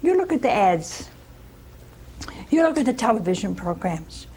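A woman preaching a storytelling sermon to a live audience, lively and chatty, with humorous asides to her listeners. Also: medium pitch, normal speed, slight background noise.

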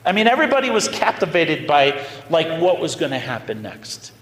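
Man, priest, storytelling sermon, animated and conversational, roomy echo, faint background noise. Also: on the high side, normal speed. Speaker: pastor.

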